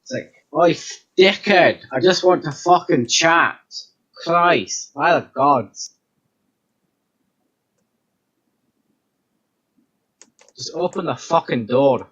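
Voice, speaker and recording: A man player shouting crude, profane lines in character during a tabletop game. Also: fairly high pitch, slow pace, breathy edge. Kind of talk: casual tabletop play. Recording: dull lo-fi mic.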